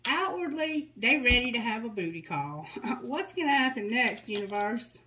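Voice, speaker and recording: Soothing higher-voiced woman reading tarot. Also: very animated, moderate pace, sharp tone, slight background noise, low-quality recording. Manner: reads card messages aloud in a soothing, guiding tone; candid and joking, with blunt asides. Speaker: tarot reader.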